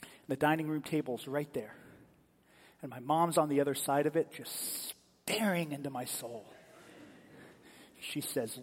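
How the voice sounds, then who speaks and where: A male pastor giving a sermon as animated, dramatic storytelling in a church sanctuary. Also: on the high side, a little slow, pauses often, long reverb tail.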